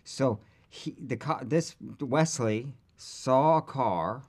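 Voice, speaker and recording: A man's voice: medium pitch, takes it slowly. A man co-hosting a casual chat podcast, sarcastic and ranting, with stammering restarts. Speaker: podcast co-host.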